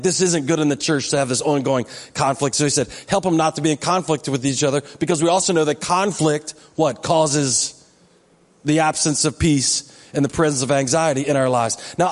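A man's voice: fairly high pitch, in a large hall. A male pastor giving a sermon in a conversational way, with joking asides to the congregation. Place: church sanctuary.

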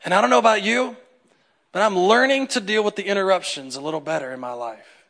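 A man preaching a sermon in a conversational, animated way, acting out the people in his stories. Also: high-pitched, fast talker. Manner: animated, conversational, acts out quotes. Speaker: pastor.

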